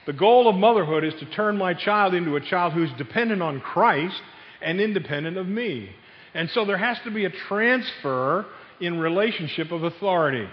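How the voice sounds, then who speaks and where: An older man preaching a sermon, telling family stories with sudden loud outbursts. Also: high voice, lively intonation, normal speed. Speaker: pastor. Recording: dull sound with long hall reverb.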